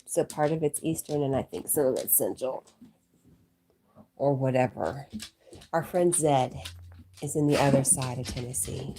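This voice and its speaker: A woman with a low, mellow voice chats casually on a home livestream, reading viewer comments aloud and talking to her dog between remarks. Her delivery is easygoing and conversational, with a faint hiss of background noise behind her. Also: normal speed, pauses often. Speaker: vlogger hosting a livestream. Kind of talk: casual live-stream chat. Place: at home indoors.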